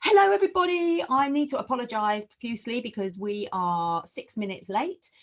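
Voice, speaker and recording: A bubbly woman hosts an online summit over a video call, chatting and apologising in a high, bouncing voice. Her pitch leaps around as she talks. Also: expressive, brisk. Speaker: summit host. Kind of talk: casual video-call interview. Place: home in New Zealand.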